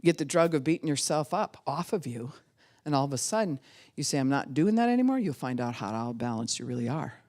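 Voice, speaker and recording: A woman's voice: extremely low pitch, lively intonation, fast talker, darkish tone. A woman pastor preaching a sermon, acting out quotes in different voices and laughing often.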